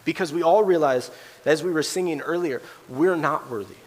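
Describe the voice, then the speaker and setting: A male pastor speaks at a moderate pace in a high, energetic voice, animatedly performing the voices he quotes during his sermon. His words ring out with a long reverb trail from a large church hall.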